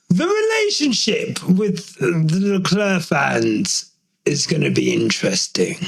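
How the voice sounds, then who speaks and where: A young man from the UK rants through a solo podcast episode in a loose, slangy style full of swearing. His voice sits high for a man and swings widely in pitch as he gets carried away, excitable and talking straight to the listener. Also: creaky, husky, low-quality recording. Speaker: podcast host.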